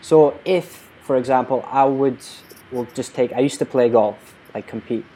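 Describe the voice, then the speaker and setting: A man's voice: mid-range voice, normal speed, warm tone, breathy edge. A man, interviewing a guest and telling stories, acting out the people he quotes. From Newcastle, England. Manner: anecdotal, acts out quoted people. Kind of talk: casual interview chat.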